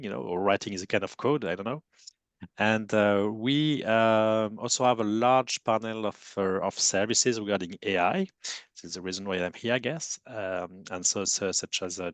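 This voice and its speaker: A man with a thick French accent speaks on a panel in a lowish voice. He talks haltingly, with many fillers and restarts. The sound is dry and close over a video call. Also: fairly bright tone, dry recording. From France. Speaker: agency CEO panelist. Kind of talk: panel discussion.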